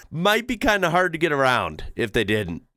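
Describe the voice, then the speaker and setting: A man's voice: on the high side, huge pitch swings, unhurried, bright, forceful tone, no room sound, studio quality. A man hosting a casual reaction video, chuckling and making sarcastic asides. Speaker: reaction channel host.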